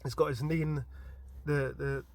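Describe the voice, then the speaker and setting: A man casually telling a story from his dream as a vlogger, animated and informal, often stumbling and restarting his words. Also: medium pitch, moderate pace. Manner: animated retelling with frequent stammered restarts; informal and chatty.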